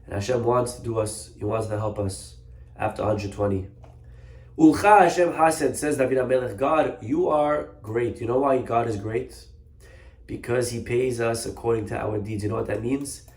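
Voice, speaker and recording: A man giving a sermon, telling a parable and acting out the characters' voices in an animated way. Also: mid-range voice, normal speed, echoey room. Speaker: rabbi giving a Torah talk.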